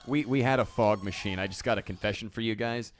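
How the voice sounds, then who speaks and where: A man's voice: fairly low pitch, quick pace. A man hosting a livestream as a live sound engineer, rambling and joking, swearing, and bursting into mock panic.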